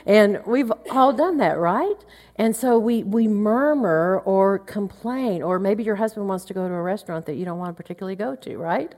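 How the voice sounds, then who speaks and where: A woman's voice: lowish voice, normal speed, darkish tone. A middle-aged woman teaching a women's Bible study, earnest and chatty, acting out muttered asides under her breath. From Oklahoma. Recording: long hall reverb.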